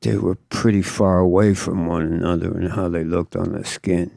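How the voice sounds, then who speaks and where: A man's voice: low-pitched, little pitch movement, moderate pace, creaky, dark tone, no room sound, clean studio sound. An older man from Southern California, a tattoo artist telling stories in a laid-back, profane drawl as an interview guest. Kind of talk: casual storytelling.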